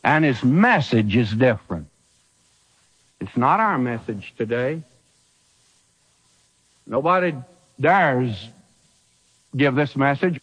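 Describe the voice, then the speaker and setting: A man's voice: mid-range voice, sing-song, slow pace, long pauses, a bit bright, husky, dull audio. A man preaching a sermon, emphatic and full of rhetorical questions.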